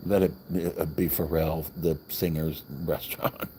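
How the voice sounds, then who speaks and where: This vlogger has a very deep, flat voice and talks a little slowly as he wanders chattily through a lengthy story on his livestream, performing other people's dialogue. Background noise is present, and crickets can be heard outside his hotel.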